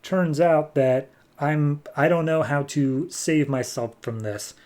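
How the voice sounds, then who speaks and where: A man's voice: a little high, takes it slowly, darkish tone. A man voicing a desperate male computer nerd, talking in a whiny, pleading way.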